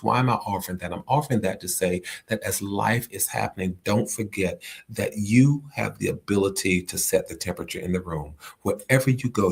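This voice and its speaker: A man's voice: on the low side, vocal fry, breathy edge. A middle-aged man hosting a live-streamed talk, greeting viewers and giving an inspirational lesson with many restarts and repeated phrases. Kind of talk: casual inspirational livestream talk. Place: indoors at a friend's home while traveling.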